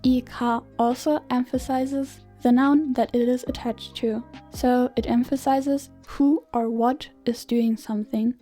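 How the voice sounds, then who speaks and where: A woman teaching a Korean grammar lesson in clear, measured scripted narration. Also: on the high side, steady tone, warm tone, soft background music.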